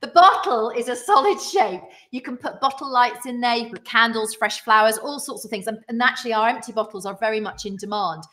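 A woman with a northern English accent co-hosting an online gin quiz, chatty and quick to laugh. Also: fairly high pitch, fairly bright tone. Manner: chatty, quick to laugh, reads questions out slowly. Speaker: quiz co-host. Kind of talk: casual online quiz chat. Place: home room, online stream. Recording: echoey room.

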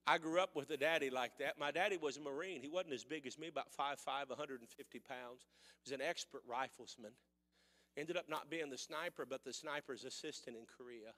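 A man with a Missouri accent preaching a sermon in folksy rural speech, swinging from quiet storytelling to shouted preaching. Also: mid-range voice, a little fast, big-room sound.

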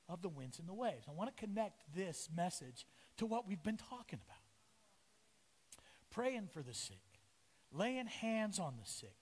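A middle-aged male pastor preaching a sermon, lively and storytelling, acting out the voices of the people in his story. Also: high voice, in a large hall. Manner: animated, acts out voices of biblical figures. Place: church sanctuary.

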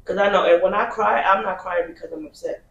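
A man with a high-pitched voice on a casual podcast, quietly reflecting and admitting his faults. He sits a little back from the mic in an echoey room. Faint ambience hums behind him. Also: steady tone, quick pace, gravelly, far from the mic, lo-fi sound, slight background noise.

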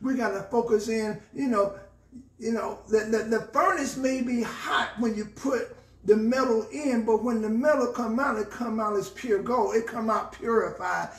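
High-voiced Southern pastor, echoey room. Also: male voice, normal speed, recorded from a distance. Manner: preaching, repeats phrases for emphasis. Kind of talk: bible study teaching. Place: church.

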